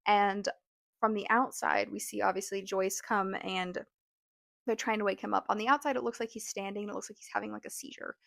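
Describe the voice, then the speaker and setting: A woman hosting a casual TV recap vlog, talking in a chatty, animated way with lots of "like" fillers. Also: mid-range voice, brisk, creaky, no room sound, studio quality. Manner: animated, exclaims and laughs. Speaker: show recap host.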